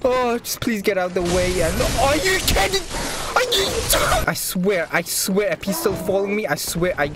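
A gamer giving loud commentary, swinging between yelling, swearing and joking at the enemies on screen. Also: medium pitch, expressive, moderate pace, hardly any pauses, over loud music.

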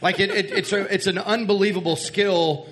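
A Texan radio co-host trades dry, sarcastic quips during a live retelling. His voice is bright and crisp and sits a little high. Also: steady tone, moderate pace, a little hiss or hum. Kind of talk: live storytelling banter.

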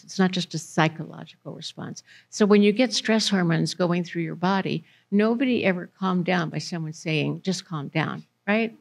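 Low-voiced, gravelly woman presenter. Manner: conversational, asks the audience questions. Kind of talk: library presentation to parents. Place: library meeting room.

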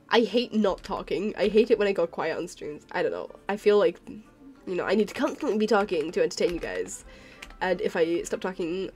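Sleepy woman chatting on stream while drawing, keeps saying sorry and laughing, soft music in the back. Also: mid-range voice. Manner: rambling, self-deprecating, apologetic, laughs often. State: tired and yawning. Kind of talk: casual chat while drawing.

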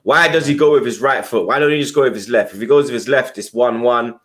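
A man's voice: mid-range voice, fast. A man hosting a casual football podcast, swearing and teasing his co-hosts. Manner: swears a lot, teasing, loud. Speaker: podcast host.

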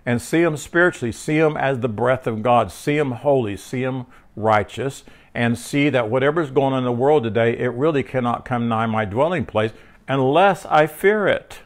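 A man's voice: medium pitch, normal speed. A man giving a casual, conversational Bible teaching, restarting sentences often, drifting into personal stories and checking in with his listener. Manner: rambling, frequent restarts and filler words; checks in with listener with tag questions.

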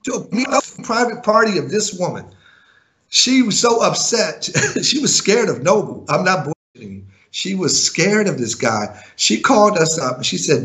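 A man who once managed a music group, giving an interview and telling his side with indignant, animated storytelling full of fillers and restarts. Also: sits high, moderate pace. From living in Europe.

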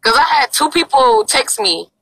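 A woman's voice: high voice, very animated, moderate pace, fairly bright tone, slightly rough, no echo, rough recording. A young woman livestreaming outdoors in a parking lot on her phone, talking in a brash, crude and pleading way. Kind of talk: casual live-stream chat.

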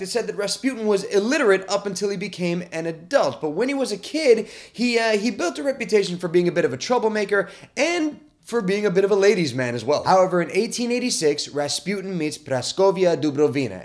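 A young male host talks through history in a relaxed, conversational way, with a slightly high voice. He is animated and informal, tossing in fillers and restarts as he explains. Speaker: podcast host.

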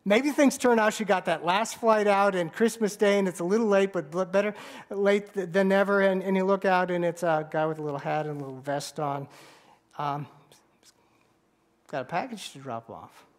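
A man preaching a sermon as pastor, bantering with the congregation and telling a story with halting restarts. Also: high voice, fairly even intonation. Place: church sanctuary.

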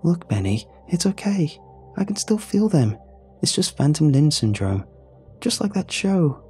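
A man voicing a giggling, unhinged woman in a horror story reading, his voice pushed up high and giddy. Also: very animated, measured pace, mellow, husky, faint music behind, full character voice. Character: giggling unhinged woman, wife turning strange.

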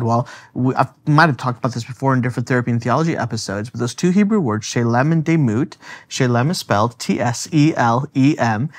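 An animated man talks through a theological idea on a podcast. His pitch sits in a middle range. He leans hard on key words and fills pauses with "um". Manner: animated and emphatic, many filler words. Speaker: theologian co-host. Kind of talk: podcast discussion.

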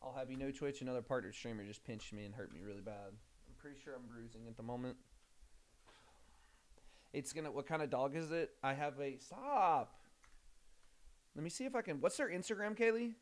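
A young man streaming a game, chatting casually, swearing often and rambling excitedly. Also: medium pitch, fairly quick, pauses often. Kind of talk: casual livestream chat.

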